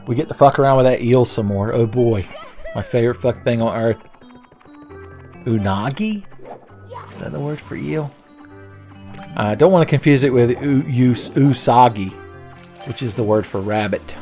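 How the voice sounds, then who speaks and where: A man's voice: mid-range voice, moderate pace, long pauses, warm tone, soft background music. A young man hosting a let's play, giving casual gameplay commentary full of sarcastic, profane, rambling jokes.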